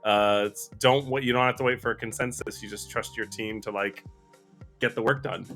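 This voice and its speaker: A man's voice: on the low side, fairly even intonation, moderate pace, fairly bright tone, soft background music. A man co-hosting a live coding stream, chatting casually and thinking aloud in a self-deprecating way.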